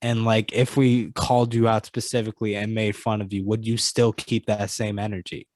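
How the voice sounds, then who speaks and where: A man's voice: on the low side, flat delivery, normal speed, a little mellow, slight background noise. A man co-hosting a casual movie podcast, teasing his partner with mock-hype banter. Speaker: podcast co-host. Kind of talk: casual chat.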